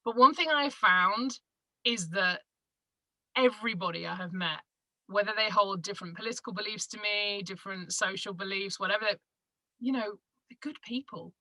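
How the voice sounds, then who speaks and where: A woman's voice: mid-range voice, moderate pace, dry recording, poor audio. A woman from England with a Manchester accent, a podcaster and broadcaster chatting as an interview guest and acting out quoted lines as she tells stories. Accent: Northern English, Manchester. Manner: animated storyteller who acts out quotes with laughs. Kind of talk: casual interview chat.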